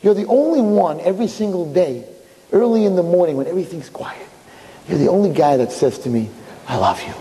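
A man voicing a powerful, commanding king who speaks with booming emphasis. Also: lively intonation, a little fast, warm tone. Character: powerful male king, commanding yet tender. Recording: echoey hall.

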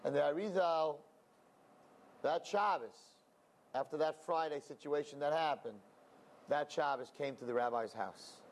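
A man preaching by telling a story, animated and acting out the characters' voices. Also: on the high side, measured pace, long pauses. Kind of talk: sermon storytelling.

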